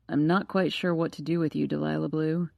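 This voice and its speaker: A quiet, strange teenage boy, as a woman narrator plays him, lower than her reading voice, soft and unhurried with dry amusement. The sound is close and dry, as in a studio audiobook. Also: little pitch movement, creaky, no room sound. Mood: wry. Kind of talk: audiobook character voice.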